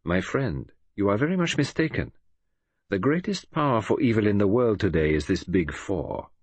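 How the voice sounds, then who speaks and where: A man voicing a precise, fussy older detective for an audiobook, lecturing in a quiet, slightly husky tone. His pitch moves freely from phrase to phrase, and the recording is dry and close. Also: big pitch swings, moderate pace, dry recording. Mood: earnest. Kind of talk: audiobook character reading.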